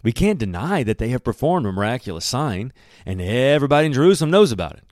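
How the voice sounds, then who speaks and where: Worried elders of a ruling council , as a man reads their words aloud talk fast and a little louder than plain speech. They sound anxious. The recording is dry. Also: mid-range voice, very animated, dry recording, natural voice.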